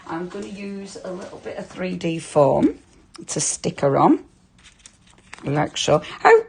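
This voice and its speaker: A woman's voice: on the low side, very animated, a little slow, creaky, long pauses, a little mellow, breathy edge. A chatty woman with a Lancashire accent, presenting a live craft demo and chatting with viewers, full of tag questions. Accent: Lancashire English. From Lancashire, England.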